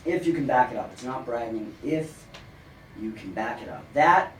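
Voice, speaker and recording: A middle-aged man doing a stand-up comedy set in a club, with a dry, rambling deadpan delivery and many pauses. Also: mid-range voice. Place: comedy club stage with live audience. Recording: roomy club sound from a distant mic, noisy. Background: audience laughter.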